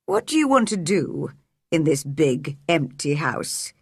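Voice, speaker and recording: Woman doing a sad, low-voiced uncle. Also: big pitch swings, a little slow, a little mellow, slightly rough, no echo, clean studio sound, full character voice. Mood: subdued. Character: sad, worried middle-aged uncle.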